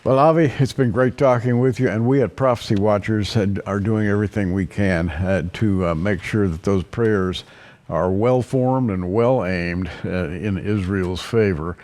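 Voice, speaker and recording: A man hosting an interview, speaking haltingly with frequent fillers as he wraps it up. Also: lowish voice, a little mellow. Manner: halting, filler-heavy phrasing. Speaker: host.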